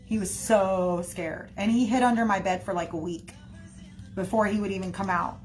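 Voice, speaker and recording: A young woman, telling a casual, rambling story to her viewers, animated and laughing, slipping into quick voices of her friends. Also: mid-range voice, soft background music, poor audio. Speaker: vlogger.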